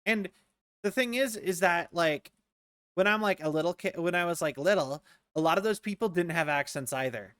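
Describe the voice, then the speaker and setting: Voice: medium pitch, normal speed, fairly bright tone, dry recording, studio quality. A streamer from the rural United States chatting casually and rambling while playing a game, full of "like"s and restarts. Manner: rambling, many "like"s and restarts, amused.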